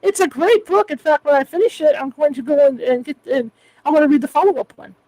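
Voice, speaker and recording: Chatty woman host, fast and high-pitched, restarts a lot in casual interview talk. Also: dark tone, no echo, rough recording. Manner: chatty, frequent word repeats and restarts. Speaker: podcast host.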